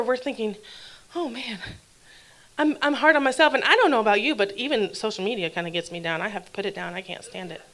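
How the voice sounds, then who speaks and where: Woman preaching at church, high voice, chatty and heartfelt, goes soft and breathy sometimes. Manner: heartfelt, conversational, with breathy quiet asides. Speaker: guest speaker at a church service. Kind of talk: sermon. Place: church service.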